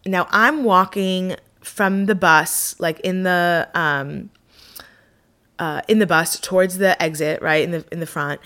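A woman's voice: on the low side, fairly even intonation, slow pace, a bit bright. A young woman telling a travel story to her camera in a casual vlog, chatty and self-deprecating with lots of fillers. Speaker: vlogger.

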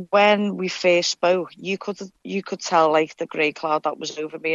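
A woman's voice: lowish voice, no echo, highs cut off. A young woman with a Liverpool Scouse accent telling stories bluntly and swearing freely in a casual interview. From Liverpool, England. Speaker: guest fighter.

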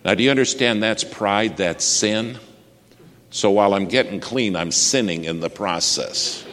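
Deep voiced preacher guy telling a story, asks the crowd stuff, big hall echo. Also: unhurried, fairly bright tone, a little hiss or hum. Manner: storytelling, earnest, asks the audience questions. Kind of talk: sermon. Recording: long hall reverb.

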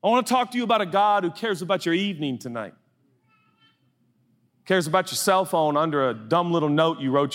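A large hall's long reverb surrounds this pastor from the US Northwest, whose voice sits on the high side with a fairly bright tone. He keeps his sermon loose and jokey, chatting conversationally and acting out little dialogues.

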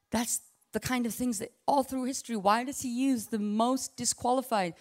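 A woman preaching in a loose, conversational way, peppering her talk with "like" and quick asides. She is impassioned, dropping to a hush one moment and rising loud the next. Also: fairly high pitch, steady tone. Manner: impassioned, swings between hushed and loud; casual, full of "like" and asides. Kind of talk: conversational sermon.

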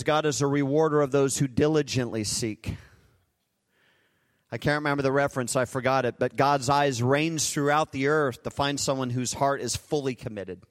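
Male preacher, high voice, dry close sound, live sermon that swings from fiery to hushed. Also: no room sound. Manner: impassioned, swings from loud declarations to hushed intimacy. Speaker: guest preacher. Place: church sanctuary.

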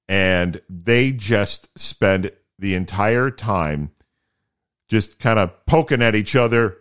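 A man from Canada hosting a casual solo podcast, chatty and rambling with self-deprecating asides, his voice a little deeper from early morning. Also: a bit bright. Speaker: podcast host.

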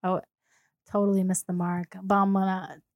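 A woman's voice: mid-range voice, flat delivery, normal speed, darkish tone, no room sound. A woman chatting casually as a podcast co-host, playfully acting out little scenes and dropping into a sultry voice. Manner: playful, acts out scenarios, drops to a sultry voice. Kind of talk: casual chat.

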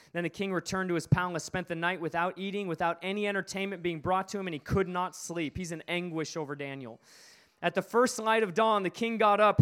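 High, clear-voiced male preacher. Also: a bit bright. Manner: emphatic storytelling with repeated phrases. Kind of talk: sermon.

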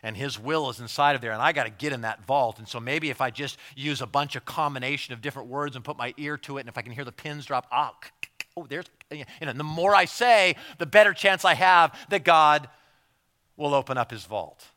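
A man preaching a sermon in a conversational way, repeating words as he goes and acting out quick asides. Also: medium pitch, bright, forceful tone. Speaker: pastor.

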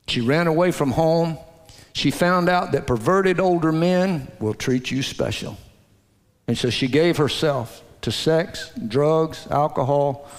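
A man preaching a sermon, telling a story in a folksy way and dropping to a hushed low voice to stress his points. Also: slow. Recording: long hall reverb.

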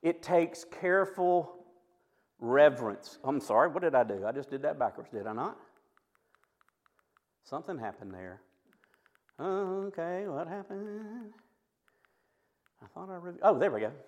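Male pastor, 50s, animated sermon voice that pitches high and moves a lot, folksy stories. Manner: animated, storytelling preacher with asides and quick jokes.

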